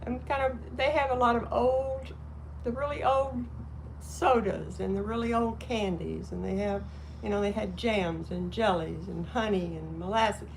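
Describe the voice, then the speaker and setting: A woman's voice: medium pitch, steady tone, measured pace, gravelly, poor audio. Older woman co-host, casual, interjecting, slight noise. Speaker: host's mother, co-host.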